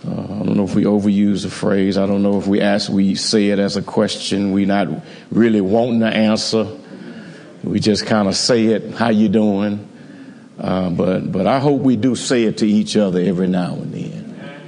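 A pastor delivers an evening sermon in a church sanctuary, speaking conversationally, often repeating words and drawing call-and-response amens. His lowish, gravelly voice is steady and a little mellow at a moderate pace, captured in a reverberant church hall.

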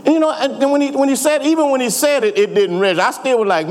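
A man's voice: extremely high pitch, quick pace, hardly any pauses. A middle-aged man, preaching a sermon and telling a story with emphatic repetition. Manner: animated, repeats words, emphatic. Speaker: pastor. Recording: echoey hall.

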